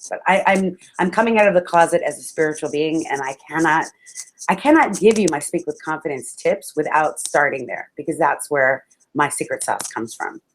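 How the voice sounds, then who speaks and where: Brief: woman motivational speaker, fairly low pitch, emphatic and passionate, addresses the crowd as friends, quick laughs. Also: animated, slight background noise, low-quality recording. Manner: laughs often between lines. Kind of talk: live motivational talk to an audience.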